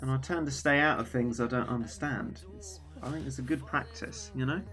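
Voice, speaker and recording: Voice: medium pitch, a little fast, a bit bright, faint music behind. A streamer chatting casually and rambling while playing a game and reading chat aloud.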